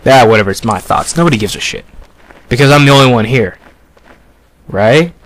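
A young man talking through a game in character, swearing and sarcastic with sudden excited outbursts. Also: mid-range voice, a little fast. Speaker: gamer playing a paranoid character. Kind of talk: in-character gameplay commentary. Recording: game gunfire noise behind voice.

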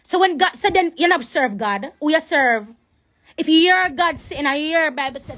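A young woman with a Jamaican accent, livestreaming a rambling, preachy sales pitch for her network marketing business. She repeats herself and slips into patois. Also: animated, normal speed, bright, forceful tone. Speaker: live streamer promoting a network marketing business. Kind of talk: casual live-stream sales pitch.

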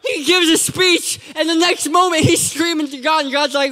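A man preaching a lively sermon in a church, joking and acting out quotes with sudden shouts. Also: very high voice, normal speed, hardly any pauses, in a large hall. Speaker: guest preacher.

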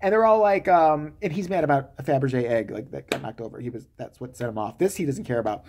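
A man tears through a movie plot in a profane, sarcastic comedy rant. His voice swings widely and expressively as he acts out the characters. His pitch sits in the middle. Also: expressive, quick pace, few pauses, darkish tone. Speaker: movie reviewer.

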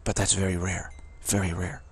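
Spiritual teacher guy, low raspy husky voice, chatty and playful, trips over words. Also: level tone, normal speed. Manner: rambling, playful, repeats words. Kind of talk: informal spiritual talk.

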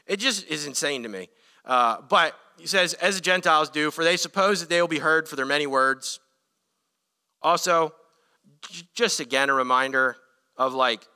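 A man's voice: fairly high pitch, bright, forceful tone, clear, resonant tone. A man preaching a sermon as pastor, earnest and emphatic, building intensity as he makes his points. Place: church sanctuary. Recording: long church reverb.

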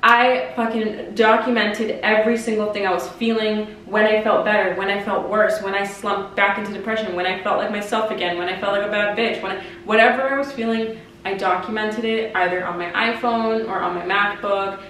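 This mid-range, fairly bright voice belongs to a twentysomething vlogger from Canada who speaks steadily and a little fast while offering frank, emotional breakup advice, heavy on "like" and casual curses. A little hiss or hum sits under the audio. The compact camera mic is set somewhat far from her in an echoey room.

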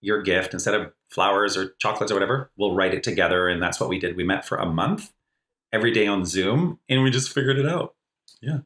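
A man's voice: low voice, fairly quick, a bit bright. Earnest male guest in a roomy space. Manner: earnest, upbeat storytelling. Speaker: life coach guest. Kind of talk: podcast interview chat.

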